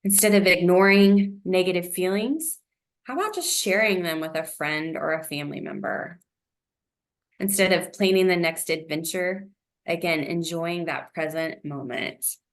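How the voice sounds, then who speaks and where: A woman presenting a wellness lesson in a gentle, encouraging way, with frequent "um"s. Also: lowish voice, moderate pace. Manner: gentle, encouraging, uses fillers like um.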